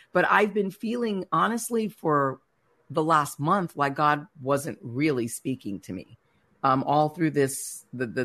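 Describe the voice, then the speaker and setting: A middle-aged woman hosting a talk show, telling a personal faith story in an earnest, animated way with many fillers. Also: low voice.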